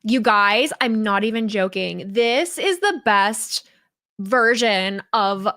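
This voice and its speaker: A woman putting on the voice of a gushing young female social media influencer, stretching her words slowly and overexcitedly. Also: mid-range voice, a bit bright. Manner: drawn-out, breathy, overexcited.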